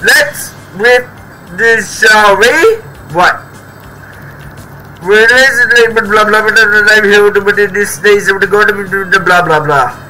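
A man voicing a calm female TV news reporter as a joke, with deadpan delivery and mumbled filler. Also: high voice, slow pace, soft background music, voice pushed down, full character voice, poor audio. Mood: mock-serious. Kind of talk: playful news-anchor parody.

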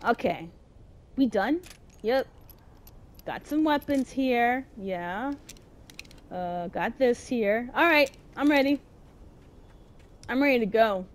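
A woman's voice: on the high side, expressive, slow, long pauses. A woman streaming gameplay, talking back to the game in casual slang, exasperated and swearing as she plays. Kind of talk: live gameplay commentary.

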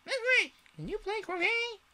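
A man putting on a shrill screeching queen. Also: expressive, normal speed, sharp tone, heavily acted. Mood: furious shrieking. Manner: bellowing orders. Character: shrill furious tyrant queen, woman.

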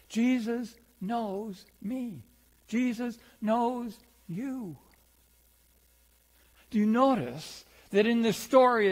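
A pastor giving a reflective sermon, slowing down on key phrases and retelling a story. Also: male voice, high-pitched. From Wisconsin.

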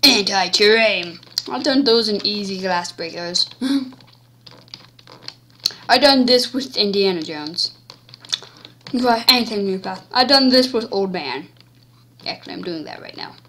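A woman giving casual, goofy gameplay commentary, cracking jokes and talking playfully in a drawn-out way. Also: mid-range voice, animated, bright, forceful tone, slight background noise.

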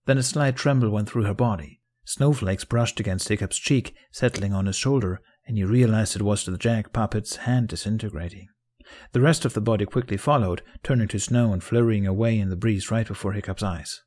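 A man narrating a fan fiction audiobook in a calm, even storytelling manner. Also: on the low side, brisk.

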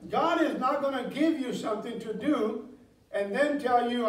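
A middle-aged man preaching in a church, his voice high for a man. He tells homely stories and drives his points home with emphasis. The sound is roomy and echoing, picked up from some distance away from the mic. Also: normal speed. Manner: folksy storytelling, builds to emphatic exhortation. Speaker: pastor. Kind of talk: sermon. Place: church sanctuary.

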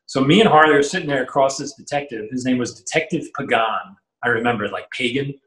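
A middle-aged man telling a long anecdote as an interview guest, animated and full of fillers and restarts, acting out the voices he quotes. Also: mid-range voice, fast. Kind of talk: storytelling anecdote in casual chat. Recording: roomy echo.

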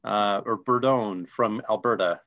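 A man co-hosting a casual online call, reading names in a relaxed, friendly, joking way. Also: mid-range voice, moderate pace, dull audio. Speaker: co-host.

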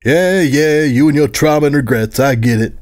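A man's voice: a little high, normal speed, darkish tone, lightly acted. A man voicing a cocky, sarcastic male pony soldier who smirks through his lines in a fan audiobook.

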